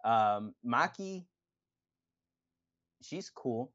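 A man co-hosting a casual podcast chat, his pitch swinging widely as he talks. He swears freely and acts out other people's lines. The recording sounds dull and lo-fi. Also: lively intonation, extremely slow, fairly bright tone. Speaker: podcast co-host.

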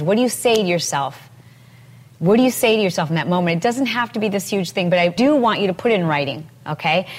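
A middle-aged woman hosting a motivational podcast, talking with energy and acting out quoted phrases in lively voices. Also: mid-range voice. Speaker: podcast host.

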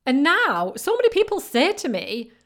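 A woman with a northern English accent talks straight to her listeners as a business coach on her own podcast. Her voice sits a little high, and she sounds earnest and encouraging. She sometimes acts out the excuses her clients give her. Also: huge pitch swings, moderate pace, fairly bright tone. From northern England. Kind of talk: solo podcast monologue.

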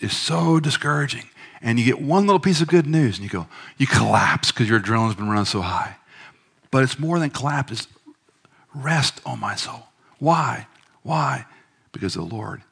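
A middle-aged male pastor preaching a sermon in a church, swinging between emphatic bursts and hushed, quiet lines. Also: on the low side.

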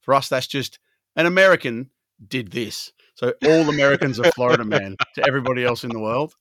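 A man's voice: mid-range voice, fast, a bit bright, no echo, studio quality. A man with an Australian and British accent, co-hosting a podcast as a joking storyteller. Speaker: podcast co-host. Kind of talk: casual podcast chat.

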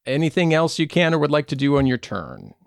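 A man narrating as game master in a tabletop game, talking in halting bursts full of fillers. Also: fairly high pitch, wildly swooping pitch, creaky, dry recording, studio quality.

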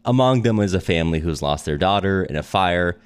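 A man's voice: deep voice, lively intonation, a little fast, clear, resonant tone. A man co-hosting a podcast, casually summarizing a novel with fillers and frequent laughter. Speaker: podcast co-host. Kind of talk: casual book discussion.

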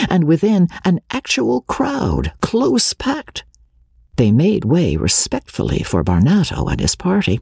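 Brief: husky woman narrator, low and lively, for a literary audiobook. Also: no echo, clean studio sound. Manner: expressive, measured literary reading. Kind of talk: scripted narration.

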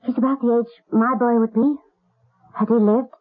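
An actress playing a tender lady of the house in a radio drama, speaking softly and pleading, close to tears. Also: fairly high pitch, steady tone, normal speed, breathy edge. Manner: soft, pleading, near tears. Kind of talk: 1970s radio drama acting. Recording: tinny narrow-band 1970s radio broadcast.

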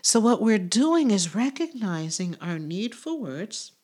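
A woman's voice: mid-range voice, very animated, measured pace, darkish tone. A middle-aged woman hosting a spiritual podcast, talking in an earnest, soothing way, laughing often and trailing off as she searches for words. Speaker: podcast host and medium.

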